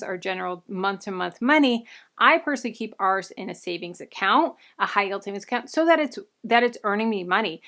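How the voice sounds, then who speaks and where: A woman's voice: medium pitch, bright, forceful tone. A young woman talking through personal finance tips in a casual, upbeat way, a little out of breath from her pregnancy. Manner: upbeat, friendly, enthusiastic recommendations. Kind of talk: casual advice talk to camera.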